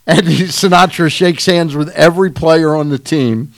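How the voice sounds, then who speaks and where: A man's voice: on the high side, normal speed, few pauses, dry recording. Chatty radio sports guy telling stories, dry close studio mic. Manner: chatty storyteller who laughs along. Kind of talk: casual sports talk radio.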